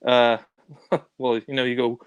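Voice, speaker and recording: A man's voice: medium pitch, level tone, measured pace, clean tone, no room sound. A man casually reviewing spy films, rambling with many fillers and restarts. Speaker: film reviewer. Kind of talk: casual film discussion.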